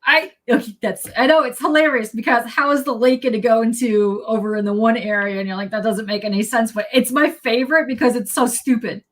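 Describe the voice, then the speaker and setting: A woman hosting a casual live podcast chat, excitable and quick to laugh, reacting to viewer comments. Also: on the high side. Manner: excitable, laughs often, reads chat aloud. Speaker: podcast host.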